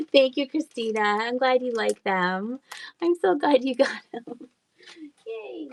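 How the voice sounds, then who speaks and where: Giggly thrift lady rambling on a live stream, bit of vocal fry. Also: high-pitched, sing-song, slow pace, slight background noise. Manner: chatty, giggly, rambling asides. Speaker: online thrift seller. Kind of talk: casual live-stream selling.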